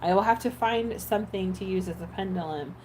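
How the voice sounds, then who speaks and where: A woman's voice: medium pitch, a little fast, a little mellow, a little hiss or hum, poor audio. A woman who makes ASMR videos chatting casually while editing, rambling with many fillers and restarts. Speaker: ASMR creator.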